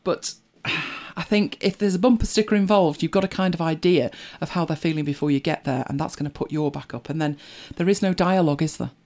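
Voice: mid-range voice, a little fast, hardly any pauses, darkish tone. A middle-aged speaker with an English accent, chatting casually and reflectively as a host, often laughing and trailing into asides. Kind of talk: casual chat.

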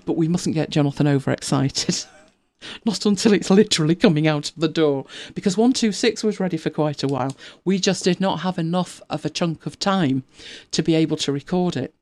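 A woman's voice: low-pitched, fairly quick, a little mellow. Chatty woman in her fifties. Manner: chatty, rambling, laughs often, drops to a whisper at times. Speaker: podcast co-host. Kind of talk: casual chat.

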